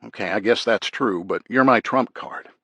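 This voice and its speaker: A man's voice: fairly low pitch, moderate pace, sharp tone, husky, no echo, exaggerated voice. A man voicing a firm, controlled male army major in an audiobook.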